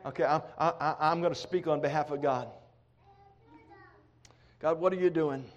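A middle-aged man preaching a sermon, acting out prayers in a raised pleading voice, then dropping low. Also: steady tone, moderate pace, muffled recording.

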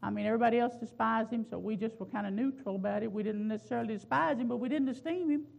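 A preacher delivering a sermon, slowing down to draw out and stress key words. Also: medium pitch, vocal fry. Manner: slow, drawn-out emphasis on key words. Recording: dull lo-fi recording.

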